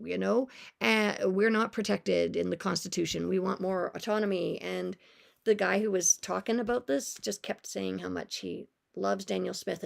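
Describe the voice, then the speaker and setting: Lady in her 40s, super gravelly fry, chatty and sarcastic, mid-pitch voice, rambling commentary. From Canada. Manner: chatty, sarcastic, self-aware asides. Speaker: music teacher and vlogger. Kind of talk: casual commentary on her notes.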